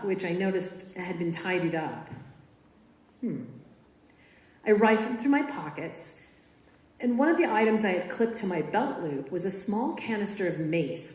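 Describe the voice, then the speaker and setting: Woman reading her own story aloud, dramatic storytelling, low voice, echoey school hall. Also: a little mellow. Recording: echoey room.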